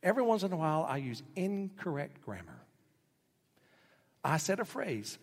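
A middle-aged male pastor preaching a sermon, telling stories animatedly and acting out quotes with sudden jumps in pitch. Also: very animated, moderate pace, pauses often. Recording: husky voice with long hall reverb.

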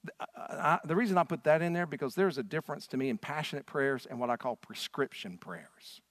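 A man's voice: a little high, a little fast, no room sound, studio quality. A man preaching a sermon from a church stage, earnest and emphatic. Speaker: pastor.

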